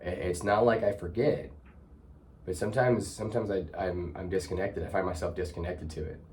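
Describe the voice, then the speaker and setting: A man's voice: low voice, steady tone, fairly quick, a little mellow, slight background noise. A man hosting a heartfelt conversation, talking in a reflective, searching way with many restarts. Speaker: host.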